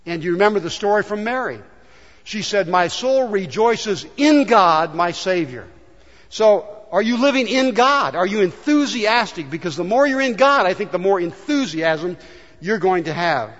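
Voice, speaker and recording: This pastor has a high, fairly bright voice and speaks at a normal pace with animated intonation. He preaches earnestly in storytelling style, voicing the people he describes, while the echoey church hall adds long reverb to a dull recording.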